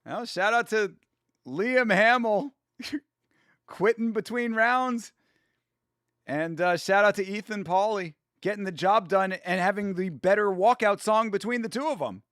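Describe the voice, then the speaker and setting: A man's voice: high voice, measured pace, a bit bright, no echo, studio quality. Profane, rambling young man streaming. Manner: rambling, profane, filler-heavy. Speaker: MMA live-stream host. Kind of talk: casual live-stream commentary.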